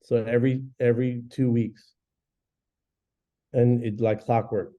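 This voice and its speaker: A man in his forties, a real estate agent teaching a class in an energetic, chatty way, often acting out phone calls. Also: medium pitch, a little slow. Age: 40s. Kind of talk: live training class talk. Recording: dull lo-fi recording.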